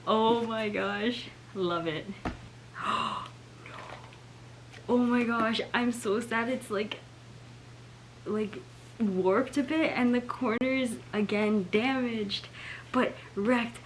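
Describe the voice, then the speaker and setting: A woman's voice: fairly high pitch, drawn-out words, pauses often, slight background noise, low-quality recording. Dismayed young woman unboxing books. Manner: dismayed, lots of "like" and "oh my gosh". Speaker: book vlogger. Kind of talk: casual unboxing chat.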